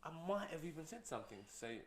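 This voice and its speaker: A man's voice: on the high side, sing-song, quick pace, roomy sound, slight background noise. A man who is a guest entrepreneur, telling stories in a casual, rambling way with many fillers. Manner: rambling, storytelling, frequent fillers. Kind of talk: casual interview talk.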